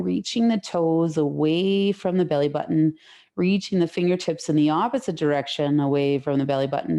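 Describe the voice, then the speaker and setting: A woman yoga instructor leading an online class from home, giving calm, slow, soothing cues. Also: low voice.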